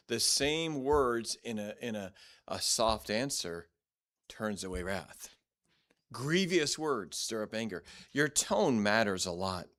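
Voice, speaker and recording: A man's voice: mid-range voice, fairly bright tone. A man teaching a church Bible class in a blunt, direct, conversational way, often restarting and repeating words.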